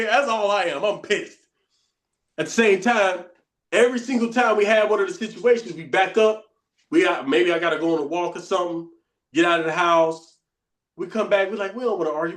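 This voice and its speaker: A man's voice: high voice, echoey room. A man leading a live online coaching session, teaching with emphatic repetition and quizzing the group. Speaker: bootcamp coach.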